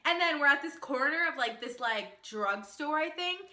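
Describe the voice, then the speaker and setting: Bright, bubbly young woman vlogger. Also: high-pitched. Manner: animated, fast, full of "like" and acted quotes. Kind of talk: excited storytime chat. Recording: echoey room.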